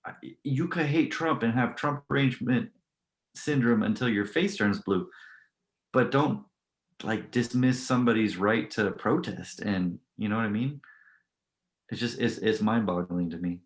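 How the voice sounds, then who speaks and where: Man, low voice, blunt and animated, roomy echo. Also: unhurried. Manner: animated, blunt opinion talk. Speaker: co-host. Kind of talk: casual panel chat.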